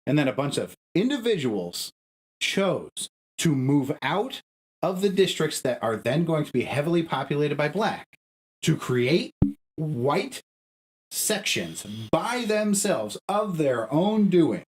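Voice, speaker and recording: A man's voice: very animated, slow, poor audio. A young adult man co-hosting a podcast, arguing a point with heavy swearing, his voice climbing when he gets heated. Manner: profane, emphatic, arguing with rising pitch. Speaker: podcast co-host. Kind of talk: heated casual podcast rant.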